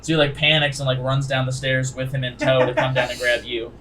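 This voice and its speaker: A man's voice: mid-range voice, completely flat delivery, fairly quick, sharp tone, soft background music, low-quality recording. A young man narrating as game master, casual and filled with ums and likes.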